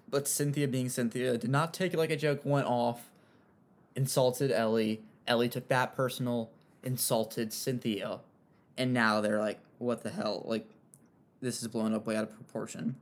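A young man giving casual, rambling commentary on an online feud, with frequent fillers and animated asides. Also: mid-range voice. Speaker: commentary host.

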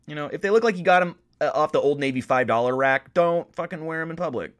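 An American man hosting a podcast, telling stories in a casual comedic monologue, animated and profane, jumping from loud excitement to mumbled asides. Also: on the high side, quick pace. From United States. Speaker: podcast host.

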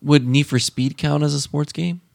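Gravelly-voiced man cracking jokes. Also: a little high, fairly even intonation, a little mellow, no echo, clean studio sound. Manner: joking, chatty, drawn-out asides. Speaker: podcast co-host. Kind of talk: casual chat.

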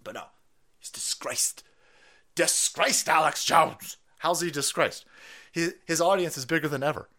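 Brief: a sarcastic, foul-mouthed male streamer with a lively, swooping pitch that runs a bit high. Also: moderate pace. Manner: profane, sarcastic, shouting outbursts. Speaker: livestream host. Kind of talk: ranting political commentary.

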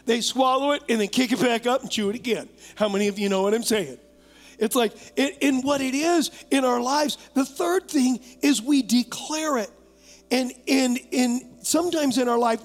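A male pastor preaching a lively sermon, coaxing the congregation to talk back and acting out imagined doubts. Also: extremely high pitch, normal speed, in a large hall, soft background music. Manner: acts out imagined voices and doubts. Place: church sanctuary, live service.

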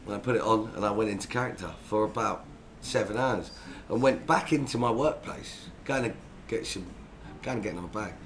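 A man's voice: on the low side, fairly quick, a bit bright, a little hiss or hum. A man co-hosting a podcast, telling rambling, chaotic stories in casual chat. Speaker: podcast co-host.

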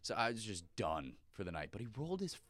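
A young man co-hosting a podcast, telling an animated story full of swearing. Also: on the low side, fast, no room sound. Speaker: podcast co-host. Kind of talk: casual chat.

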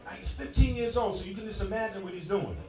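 A middle-aged man performing a stand-up comedy set, punchy and loud, teasing the audience. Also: high voice, fast, soft background music. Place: stage in a club with a live audience. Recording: echoey club, distant mic, crowd noise. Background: audience laughing and clapping.

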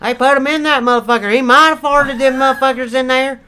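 A man voicing a crude, loud redneck churchgoer who rants and curses, with a put-on drawl. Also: very high-pitched, steady tone, fast, clear, resonant tone. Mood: preachy ranting. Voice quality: brash, profane, rambling. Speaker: comedic character. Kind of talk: improvised comedy role-play.

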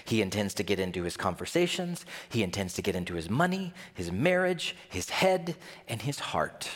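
A man preaching a sermon as pastor in a conversational, animated way, acting out scenes as he tells them. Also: on the low side, moderate pace, big-room sound.

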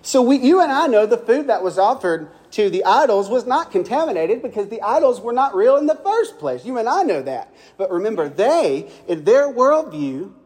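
A man's voice: high voice, sing-song, moderate pace, hardly any pauses, darkish tone. A male pastor preaching a sermon. He talks like he's telling a story to friends, loose and conversational, and often restarts a phrase before finishing it. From Kentucky.

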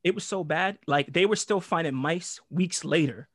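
A man's voice: fairly high pitch, moderate pace, a bit bright, dry recording, studio quality. A young man from New York with a New York accent, telling a prank story in a casual, profane, slangy chat and acting out the voices. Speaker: guest storyteller.

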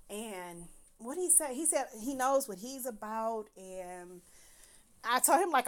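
Animated woman telling a wild story. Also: a little high, a little slow. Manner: animated, profane, laughing through her words. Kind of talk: casual personal storytelling.

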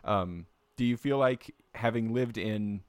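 A man from Utah hosts a relaxed interview, asking curious follow-up questions. His voice sits low, and the sound is dry. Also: measured pace, no room sound. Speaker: podcast host. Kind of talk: casual interview chat.

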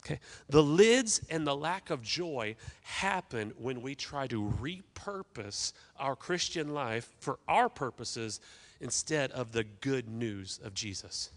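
A man's voice: medium pitch, lively intonation, slow pace. A man preaching a sermon as pastor, emphatic, with call-and-response asides to the congregation. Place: church sanctuary.

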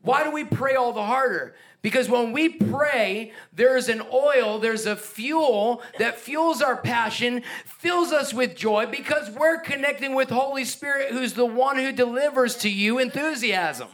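A man preaching a sermon as pastor, energetic and emphatic, with playful asides and chuckles. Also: very high voice, a little slow, hardly any pauses.

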